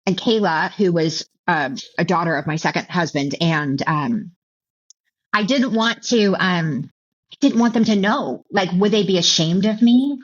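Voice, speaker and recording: A middle-aged woman telling her personal story as an interview guest, halting and emotional, with many restarts and repeated words. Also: lowish voice, expressive. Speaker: author and keynote speaker, guest. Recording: dull lo-fi audio.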